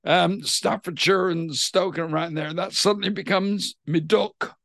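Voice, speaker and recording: Middle-aged west country guy, panto actor, high voice, gravelly, chatty and keen. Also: moderate pace, no echo, clean studio sound. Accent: West Country English. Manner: chatty and enthusiastic, animated storytelling. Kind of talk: casual interview chat.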